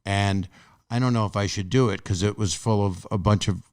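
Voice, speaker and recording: Older man with a smooth low voice. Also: fairly even intonation, fairly quick, no room sound, clean studio sound. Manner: rambling, restarts sentences, laughs often. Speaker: podcast host. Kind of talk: casual chat.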